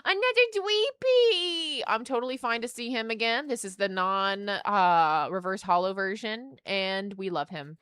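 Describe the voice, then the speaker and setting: A young woman streaming, chatting casually and excitedly as she opens trading cards and speaks warmly to her chat. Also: mid-range voice, moderate pace, hardly any pauses, clear, resonant tone, dry recording, studio quality. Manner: excitable, gasps and squeals at good pulls, earnest and affectionate to chat.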